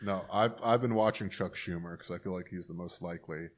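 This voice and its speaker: A man's voice: low-pitched, fast. A man in casual podcast chat with a dry, sarcastic delivery.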